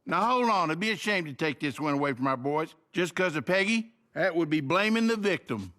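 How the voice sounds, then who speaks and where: An actor playing a plain-spoken middle-aged school official with a drawl in an animated sitcom. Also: male voice, a little high, a little fast. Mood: matter-of-fact.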